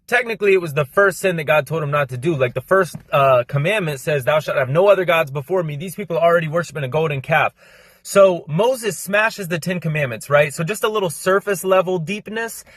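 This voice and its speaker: A young man explaining a Bible story in a fast, casual, slangy monologue, cramming it in with lots of energy. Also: a little high, a bit bright, no room sound, studio quality. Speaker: Christian content creator.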